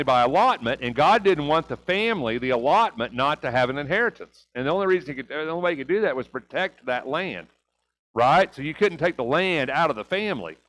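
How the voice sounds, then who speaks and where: A man's voice: on the high side, a bit bright, low-quality recording. A man teaching a church Bible class, asking rhetorical questions and often checking in with "right?".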